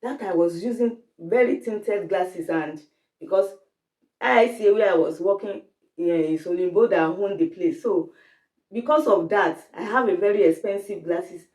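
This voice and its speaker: A middle-aged Nigerian woman whose first language is Yoruba tells stories in Nigerian English with a mid-range voice at a moderate pace. As the host's mother and a guest, she animatedly acts out voices and laughs through a candid family conversation, recorded on a distant mic in an echoey, roomy space.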